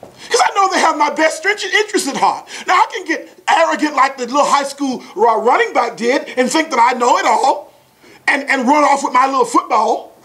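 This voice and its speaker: A man's voice: very high-pitched, animated, fairly quick, bright, forceful tone. A man in his forties giving a motivational talk, telling a family story in a folksy, chuckling, exclamatory way. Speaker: motivational speaker. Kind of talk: animated storytelling talk to an audience.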